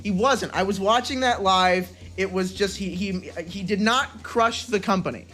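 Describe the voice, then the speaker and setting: A man's voice: high-pitched, moderate pace, sharp tone. A young man streaming, chatting casually and rambling with frequent restarts and self-interruptions.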